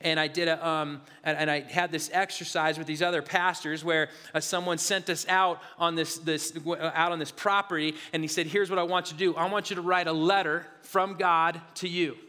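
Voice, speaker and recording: Male pastor, high bright voice, earnest sermon, stumbling restarts, long hall reverb. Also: level tone, brisk, few pauses. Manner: earnest, confessional, many restarts and repeated words.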